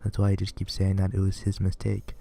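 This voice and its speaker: A man's voice: sits low, monotone, a little fast, vocal fry, warm tone. A man reading a visual novel aloud in an earnest, plain manner, with small stumbles. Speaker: reader playing a visual novel.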